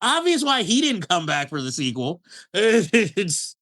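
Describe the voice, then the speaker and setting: A man co-hosting a podcast, chatting casually about a movie, animated, laughing often and restarting his sentences. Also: high voice, slow. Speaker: podcast co-host. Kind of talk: casual film review chat.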